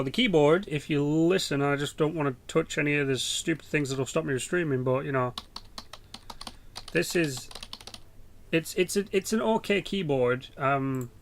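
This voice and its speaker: Casting note: young English man, gravelly edge, pitched a touch high, rambling sweary gaming banter. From England. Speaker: gaming YouTuber. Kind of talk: casual game commentary.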